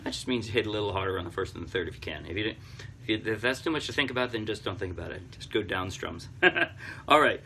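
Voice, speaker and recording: A man giving a casual ukulele tutorial, explaining chords and strums step by step in a relaxed, chatty way. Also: fairly low pitch, quick pace, over loud music. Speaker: ukulele teacher. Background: loud ukulele playing.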